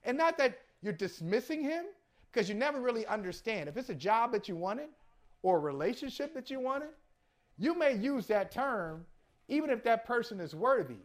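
A man's voice: very high-pitched, big pitch swings, normal speed. A man co-hosting a sports talk show, talking casually in a reflective, conversational and agreeable way. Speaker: sports podcast co-host. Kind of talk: casual chat.

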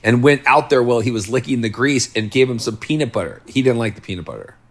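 A man's voice: mid-range voice, fast. A middle-aged man co-hosting a podcast, chatting casually with dry, laid-back remarks. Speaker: podcast co-host. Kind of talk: casual chat.

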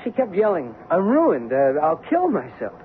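A flustered theater agent stammers his way through a 1970s radio play, his voice rising and falling a lot. His slightly high voice comes through tinny and phone-like, with a faint hiss. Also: huge pitch swings, moderate pace. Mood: rueful narration. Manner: nervous and stammering. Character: flustered male theater press agent, also narrating. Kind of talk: 1970s radio drama acting.

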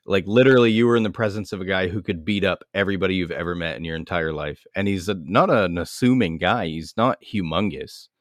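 A man's voice: sits low, fast talker, hardly any pauses, no echo, clean studio sound. A man hosting a podcast, talking casually and enthusiastically and swearing freely. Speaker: podcast host.

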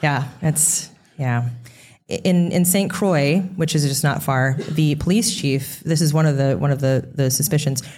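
A woman's voice: sits low, a little slow, a little mellow. A woman co-hosting a true crime podcast, talking casually with rambling restarts and sarcastic asides. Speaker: podcast co-host.

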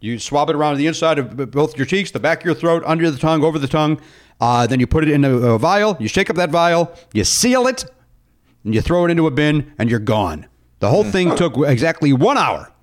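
A man's voice: fairly high pitch, animated, a little fast. A man hosting a casual chat, rambling with lots of fillers and jokes. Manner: rambling, filler-heavy, jokey. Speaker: podcast host.

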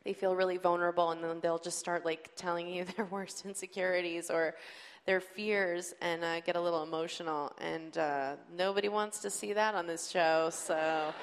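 A woman's voice: on the low side, moderate pace, clear, resonant tone, in a large hall. A woman telling stories on a live comedy panel, chatty and laughing as she goes. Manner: chatty, laughing, animated storytelling. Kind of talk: panel Q&A, casual storytelling. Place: live panel in a large venue.

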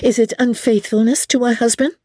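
A woman's voice: on the high side, steady tone, a little fast, a little mellow, dry recording, clean studio sound, voice pushed up, lightly acted. A woman voicing a charming, scheming young woman whose sweetness has defiance under it. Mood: defiant.

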